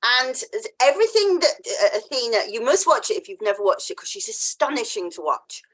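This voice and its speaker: Animated woman telling a story. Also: a little high, a little fast. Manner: chatty storytelling, acts out quoted voices; laughs often. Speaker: podcast host. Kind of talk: casual interview chat.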